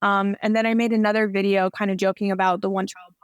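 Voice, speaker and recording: A woman's voice: mid-range voice, level tone, fast talker, clear, resonant tone, no echo, studio quality. A woman in her thirties, a podcast guest, chatting casually and telling her story with plenty of "like" fillers. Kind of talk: casual interview chat.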